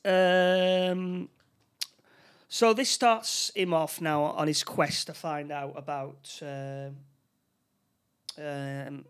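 A man talks through a film's plot in a relaxed chat, his pitch sitting a bit higher than most men's. He stops and restarts often and keeps checking in with tag questions. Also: drawn-out words, long pauses, clear, resonant tone. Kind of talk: casual film recap chat.

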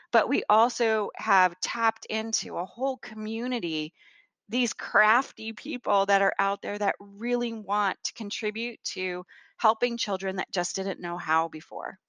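A woman's voice: mid-range voice, a little slow, no room sound. A woman guest in a conversational interview, telling stories earnestly with some fillers and restarts. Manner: earnest, animated storytelling with fillers. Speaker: guest, rare disease research leader.

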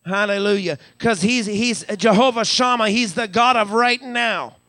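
Unhurried and forceful, a pastor with a high, bright voice delivers a live church sermon in the sanctuary. He speaks with a Western Pennsylvania accent, stammering repeated words as he builds and calling out hallelujah. The sound is clean studio quality with no echo.

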